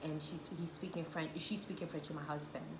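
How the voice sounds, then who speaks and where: A woman sharing a personal testimony in a casual faith conversation, animated, acting out what people said with sudden loud, high bursts. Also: a little fast, echoey room, noisy background. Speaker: guest sharing her testimony.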